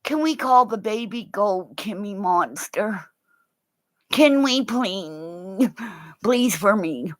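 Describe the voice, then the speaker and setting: A middle-aged woman hosting a rambling, casual livestream chat, excitable, gasping and dropping into whispers. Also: medium pitch, takes it slowly, no echo, clean studio sound. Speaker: livestream host.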